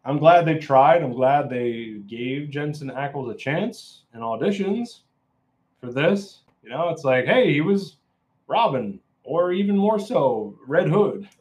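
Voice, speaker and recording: A man's voice: on the high side, expressive, measured pace, a little mellow. A man giving a casual, opinionated film review, rambling and often restarting his sentences.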